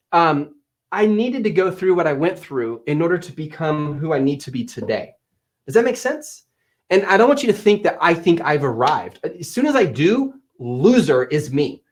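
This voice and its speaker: A man in his thirties runs a live-stream Q&A, coaching viewers and reading out chat questions. His voice sits fairly high for a man and swings widely in pitch as he teases and cheers people on. He talks with energy and playful emphasis. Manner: energetic, animated, playful teasing. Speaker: livestream host and Amazon seller coach. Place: office.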